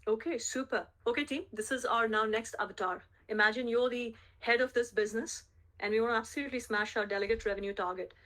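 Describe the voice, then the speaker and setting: A woman's voice: on the high side, fast, fairly bright tone. A woman coaching a sales team on a group call. She speaks emphatically, repeats her key phrases and keeps checking in with the team.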